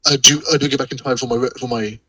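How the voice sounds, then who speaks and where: A man chats in character during a tabletop game. He often repeats and restarts his words and swears in passing. His voice has a very bright, sharp edge. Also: medium pitch, steady tone, rapid-fire, rough recording. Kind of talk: casual in-character roleplay.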